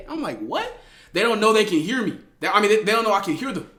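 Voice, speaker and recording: Young man, raised voice, slangy, laughing, loud then hushed, roomy echo. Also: high-pitched, very fast. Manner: animated, slangy, laughs often, swings between loud and hushed. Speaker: streamer telling a story to live chat. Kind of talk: casual storytime to chat.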